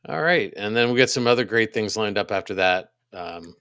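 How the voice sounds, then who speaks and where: A man co-hosting a podcast, casually reading out upcoming events, halting with many ums and restarts. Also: fairly low pitch, expressive, a bit bright, clean tone, no room sound, studio quality. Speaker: podcast co-host.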